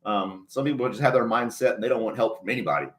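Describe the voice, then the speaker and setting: A man hosting a casual livestream chat, rambling in a folksy way and chuckling often, a little choked up and clearing his throat. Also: fairly low pitch, fast talker, a bit bright. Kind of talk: casual chat reading a live chat.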